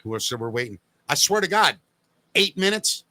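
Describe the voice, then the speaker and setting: A man's voice: fairly high pitch, brisk, no room sound. A man, a radio host, telling stories in a casual chat and acting out the voices of the people he quotes. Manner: animated storyteller, acts out quoted voices.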